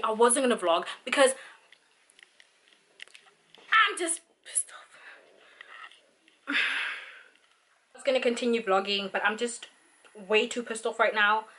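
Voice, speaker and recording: A woman's voice: on the high side, fast talker, a bit bright, slight background noise. A young South African woman vlogging, ranting in an exasperated way with lots of fillers. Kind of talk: venting vlog monologue.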